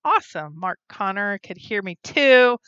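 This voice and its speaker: A woman's voice: mid-range voice, sing-song, moderate pace, fairly bright tone, clear, resonant tone, no room sound, dull audio. A woman hosting a casual live stream, chatting and giggling with many ums while she reads viewer comments aloud into a phone or webcam mic. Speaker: vlog host reading live chat.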